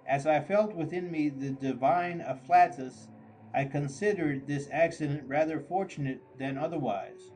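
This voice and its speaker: A man narrating a story aloud in a measured, mock-grand storytelling manner. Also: fairly high pitch, darkish tone, slight background noise, low-quality recording. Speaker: audiobook narrator. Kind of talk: scripted narration.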